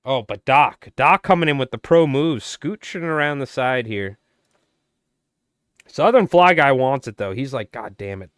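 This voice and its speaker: A man with a smooth, round voice that is wearing hoarse, calling a race like a playful sportscaster on a live stream. He talks close to the mic in a dry, dead room. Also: medium pitch, animated, unhurried, a bit bright, no room sound. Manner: playful sportscaster-style play-by-play of a marble race. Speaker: fly tying live streamer.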